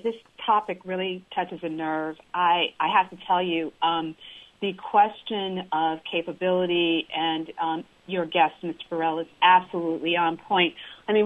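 A woman calling in to a radio show, speaking in a measured way with frequent pauses to find her words. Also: lowish voice. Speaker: caller. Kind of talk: call-in radio. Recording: phone-line call.

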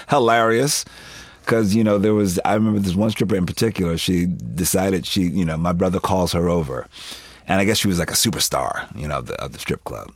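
A man's voice: sits low, sing-song, normal speed, breathy edge, no room sound. A man in his fifties, a guest in an interview, candidly telling family stories and laughing often as he acts out relatives' voices. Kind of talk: candid personal storytelling.

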